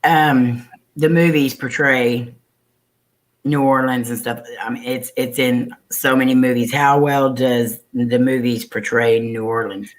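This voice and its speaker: A man joins a relaxed interview as co-host, chiming in with friendly questions. His voice sits at an ordinary middle pitch. He talks in a casual, conversational way. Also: unhurried, low-quality recording.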